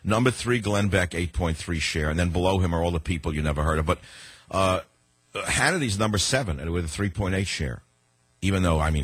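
This is an older man hosting a call-in radio show in a sardonic, rambling way, full of sarcasm. His husky voice swings widely up and down. The sound is close and dry. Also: deep voice, a bit bright, no echo. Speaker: radio talk show host.

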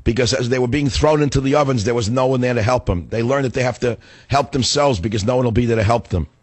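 Hoarse, fiery man hosting talk radio. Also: mid-range voice, quick pace, a little mellow, dry recording. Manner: fiery, combative ranting. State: hoarse, voice going. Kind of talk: radio talk show monologue.

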